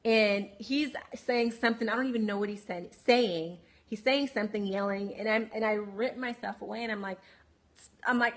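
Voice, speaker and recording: A woman's voice: on the high side, moderate pace, fairly bright tone. A woman hosting a phone livestream, telling a personal story candidly with many fillers, restarts and laughs, and replying to viewers' comments. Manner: answers viewer comments by name. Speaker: livestream host. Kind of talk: personal storytelling on a live broadcast.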